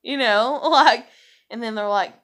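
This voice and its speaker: Her voice is slightly high and fairly bright, and she talks a little slowly. She's a vlogger chatting casually, rambling and cursing while packing her speech with "like" and "you know."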